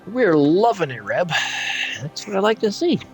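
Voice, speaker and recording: A man's voice: sits high, very animated, moderate pace, gravelly, darkish tone, soft background music. A man streaming while gaming, chatting in a rambling way and slightly slurring his words. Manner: rambling, full of "like" fillers. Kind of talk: casual live-stream chat while gaming.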